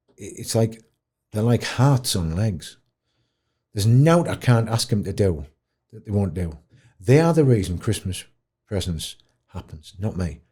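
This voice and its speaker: A middle-aged man with a Yorkshire accent, telling stories as a podcast guest in an expressive, self-mocking way. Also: slightly rough. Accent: Yorkshire English. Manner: expressive, swoops high for quoted voices, self-mocking. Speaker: podcast guest, dementia advocate. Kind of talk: animated storytelling in conversation.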